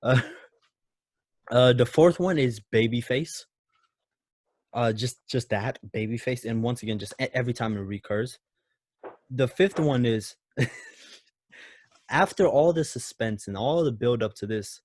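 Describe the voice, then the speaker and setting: A man's voice: mid-range voice, lively intonation, measured pace, pauses often, a little mellow, dry recording, clean studio sound. A man co-hosting a casual movie podcast who laughs often and acts out quotes in shifting voices. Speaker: podcast co-host.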